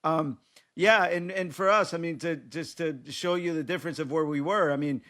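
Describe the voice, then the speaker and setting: A middle-aged man with a high, bright voice, chatting casually about his playing days. He laughs often as he talks, with a lively, forceful edge. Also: normal speed. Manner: laughing often while telling old stories. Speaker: former national team player and analyst. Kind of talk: casual podcast conversation.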